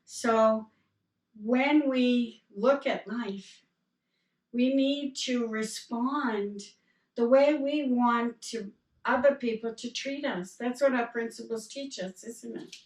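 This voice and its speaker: A woman reverend giving a sermon, telling parable stories in a gentle, unhurried way. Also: fairly high pitch. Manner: slow, gentle storytelling with quoted dialogue. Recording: roomy sound from a distance.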